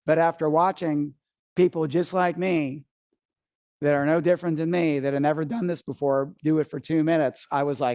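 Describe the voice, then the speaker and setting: A man's voice: on the high side, fairly even intonation, normal speed, darkish tone, clean tone, no echo. A middle-aged man telling a story from a seminar stage, acting out his own panic and swearing casually. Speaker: seminar speaker. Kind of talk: live seminar talk.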